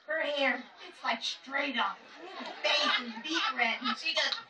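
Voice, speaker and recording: High-voiced woman doing stand-up. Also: unhurried, recorded from a distance, noisy background. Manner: shifts voice to act out her nephews and friend. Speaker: stand-up comedian. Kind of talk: stand-up comedy storytelling. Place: comedy club stage. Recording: echoey club heard from afar, crowd. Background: audience laughter.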